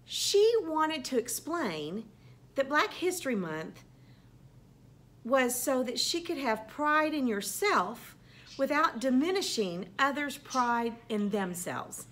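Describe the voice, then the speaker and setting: Lively, high-voiced chatty woman. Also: slow pace. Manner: chatty, animated storytelling with quoted voices. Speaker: teacher. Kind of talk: casual vlog monologue.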